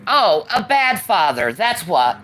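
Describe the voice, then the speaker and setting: Slow, bright-voiced ranting woman. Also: fairly low pitch, very animated, a little hiss or hum. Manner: profane, heated ranting. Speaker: streamer in a played clip. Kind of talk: angry political rant.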